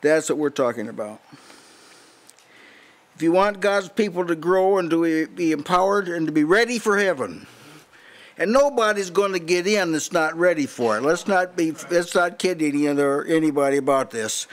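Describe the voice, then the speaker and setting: An older man preaches in a house church meeting, pressing his points hard and challenging his listeners. His voice sits a little high for a man, and he often breaks off and restarts his sentences as he drives home each point. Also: animated, moderate pace. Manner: emphatic, challenging, with frequent restarts. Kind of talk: sermon.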